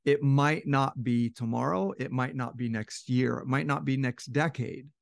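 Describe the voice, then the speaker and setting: A man with a gravelly, fry-heavy voice explains relationships in a loose, conversational way. His voice sounds a bit strained. The recording is close and dry, with no room around it. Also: mid-range voice, normal speed, no echo. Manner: conversational, acts out quoted couples with shifting voice. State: slightly strained voice. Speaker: relationship educator. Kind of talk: casual explanatory talk.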